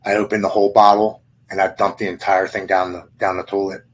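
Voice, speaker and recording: A man in his forties tells his own story in an earnest, halting way, as a guest on a podcast. He often restarts his sentences and retells past events in the present tense. His voice is fairly low and carries a husky, slightly rough edge. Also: little pitch movement, poor audio. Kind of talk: emotional personal testimony.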